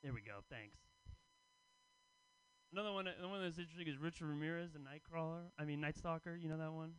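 A man doing a stand-up set in a comedy club, making wry, deadpan asides to the crowd. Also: a little high, quick pace, clear, resonant tone, low-quality recording. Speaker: stand-up comic and festival host.

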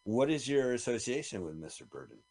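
A man's voice: mid-range voice, big pitch swings, fairly quick, creaky, darkish tone. A man co-hosting a radio show, swapping movie stories and slipping into silly voices. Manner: storytelling, slips into silly put-on voices. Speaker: radio co-host. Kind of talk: casual banter while watching a movie. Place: radio studio.

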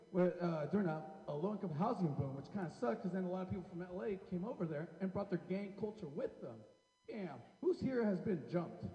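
A man's voice: high voice, dull audio. A man doing a stand-up comedy set on a club stage, brash and profane as he teases the crowd. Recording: echoey hall.

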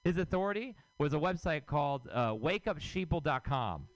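A man from Houston working through a stand-up set on a club stage, rambling and swearing freely. His voice comes across smooth and resonant, close and dry on the mic. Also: on the high side, animated, normal speed, dry recording. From Houston, Texas. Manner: rambling, profane, laughs at own jokes. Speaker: stand-up comedian.

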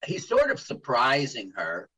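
Man, radio co-host, casual movie chat, husky, animated delivery. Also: medium pitch, measured pace, rough recording. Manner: animated, quotes scenes in put-on voices.

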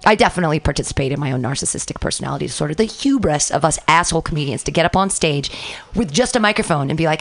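A woman comedian, a guest on a podcast, talking at length in an effusive, loud, storytelling way. Her voice sits a little low for a woman. Soft music plays faintly behind her. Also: animated, rapid-fire. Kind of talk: casual podcast chat.

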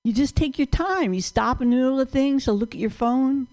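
A woman's voice: sits high, fairly quick, few pauses, darkish tone. An older woman with a New York accent doing brash, profane stand-up in a small venue, ranting at the crowd. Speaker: stand-up comedian.

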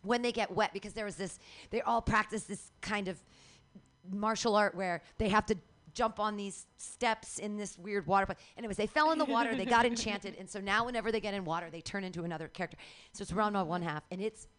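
A woman's voice: mid-range voice, brisk, fairly bright tone. Playful woman chatting on radio. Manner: playful, jokey, acts out voices. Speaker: radio show co-host. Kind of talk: casual chat. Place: radio studio.

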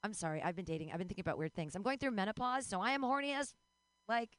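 Talking at a quick pace with no room sound, a fortysomething woman runs through a rambling, self-deprecating comedy set, erupting into high yelps and laughter without warning.

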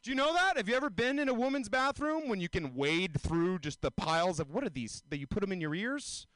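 A man in his twenties performing a self-mocking stand-up set, often jumping into high mocking voices. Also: animated, fairly quick, fairly bright tone, no room sound. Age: 20s. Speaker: stand-up comedian.

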